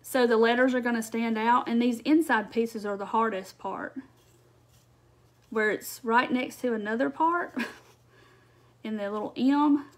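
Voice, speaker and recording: Woman, craft livestream host; a little high, chatty and easygoing, laughs a lot, talks to viewers while working. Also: measured pace, pauses often. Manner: chatty, answers viewer comments, laughs often. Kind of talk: casual live craft demonstration.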